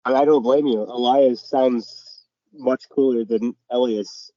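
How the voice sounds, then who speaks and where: A man co-hosting a casual podcast about a tabletop game, friendly and teasing, slightly hoarse. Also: medium pitch, fairly even intonation, unhurried, mellow, dry recording, dull audio. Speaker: podcast co-host.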